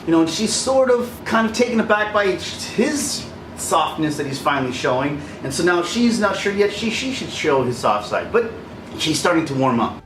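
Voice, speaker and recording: A man talks through a casual video commentary, laughing and acting out lines as he goes. His voice sits a little high and swings widely in pitch. He sounds set back from the mic in an echoey room with steady noise behind him. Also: moderate pace, far from the mic. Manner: animated, laughs often, acts out quotes. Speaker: video essay host. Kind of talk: casual commentary over film clips.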